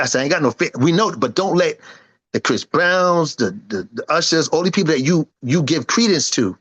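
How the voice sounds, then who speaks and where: A singer and producer in his fifties speaks slightly fast in a slightly high, fairly bright voice with a breathy edge and lively intonation, on a muffled recording. During the animated, casual interview, he brags with emphasis and mimics what his friends told him.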